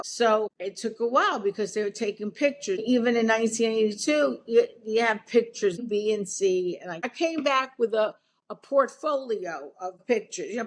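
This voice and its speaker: Older New woman, blunt and brash, higher-pitched, spinning a long yarn. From Brooklyn, New York. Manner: brash, blunt, swears freely. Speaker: guest. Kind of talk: storytelling.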